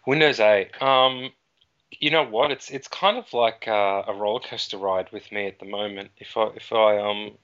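A man's voice: lowish voice, steady tone, moderate pace, a bit bright. A man appearing as a guest technologist in a casual chat, explaining at length in a rambling, hedging way. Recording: dull lo-fi recording.

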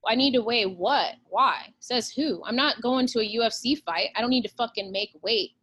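A woman's voice: fairly high pitch, fairly bright tone, slightly rough. A woman, a real estate agent talking bluntly and with plenty of swearing in a casual podcast interview. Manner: blunt and profane, fast-flowing pep talk.

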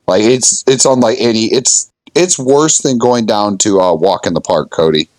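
A man's voice: lowish voice, moderate pace, no room sound, low-quality recording. A man on a podcast telling an off-road trip story in casual, profane chat, acting out what he said back then. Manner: animated, swearing, acts out his own past lines.

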